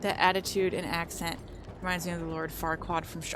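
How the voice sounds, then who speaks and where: A woman's voice: on the low side, steady tone, a little fast, a bit bright, slight background noise. A young woman streamer chatting casually with viewers, rambling, breaking off mid-sentence and starting again. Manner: rambling, self-interrupting, trails off mid-sentence.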